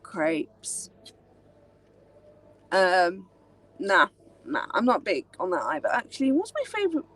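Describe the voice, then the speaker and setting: A woman's voice: medium pitch, wildly swooping pitch, slow, long pauses, a bit bright. A young British woman chatting casually on a live stream, rambling with many fillers. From Britain. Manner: rambling, many ums and likes. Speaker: live chat host.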